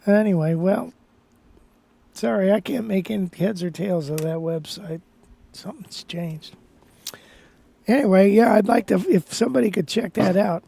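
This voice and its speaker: A man's voice: sits high, moderate pace, creaky, long pauses, warm tone. A man hosting a live guitar stream, rambling casually and thinking aloud with restarts.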